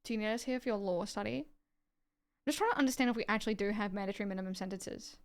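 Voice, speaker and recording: Australian woman streamer, smooth voice. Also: medium pitch, fast talker. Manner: reads legal text aloud, then chats offhand with viewers and swears casually. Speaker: livestreamer. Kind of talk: casual livestream chat and reading aloud.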